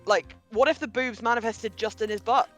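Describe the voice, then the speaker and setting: A woman co-hosting a video game stream, chatting casually in an animated, jokey way. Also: a little high. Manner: animated, jokey, quick to laugh. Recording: music playing behind.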